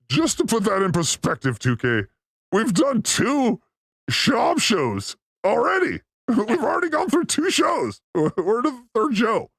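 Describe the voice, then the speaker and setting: A man hosting a podcast, trading crude jokes and playful riffs, swinging between loud bursts and mutters. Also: extremely high pitch, big pitch swings, takes it slowly, breathy edge, dry recording, studio quality. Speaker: podcast host. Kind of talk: crude comedic riffing.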